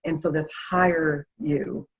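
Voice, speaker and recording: A woman, an interview guest, telling stories in a lively, expressive way. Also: sits low, measured pace, slightly rough. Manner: animated, lively storyteller. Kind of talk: expressive storytelling. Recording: dull lo-fi sound.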